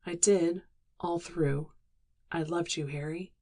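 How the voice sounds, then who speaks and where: A woman's voice: fairly low pitch, steady tone, slow pace, mellow. A woman reading a weary, regretful young woman. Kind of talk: audiobook dialogue reading.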